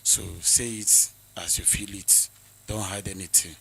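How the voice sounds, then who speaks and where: A Nigerian man giving an earnest, exhorting address at a youth forum, pausing often on hesitations. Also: low-pitched, steady tone, background noise. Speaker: forum speaker.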